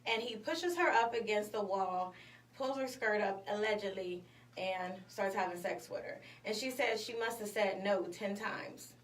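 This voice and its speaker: A woman's voice: medium pitch, normal speed. A woman hosting a morning show, telling a story in casual chat with lots of fillers. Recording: echoey room, mic at a distance, faint noise.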